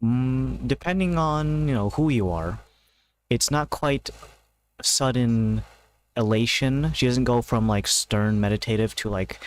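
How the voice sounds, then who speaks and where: A man's voice: medium pitch, measured pace, clear, resonant tone. A man narrating a homebrew tabletop game as game master, in a loose, hesitant way with many fillers. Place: home, seated in a gaming chair.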